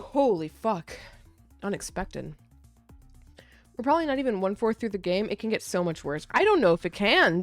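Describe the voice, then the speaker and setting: A woman's voice: medium pitch, very animated, normal speed, no room sound, faint music behind. A woman streamer giving casual, crude, joking commentary while she plays a game.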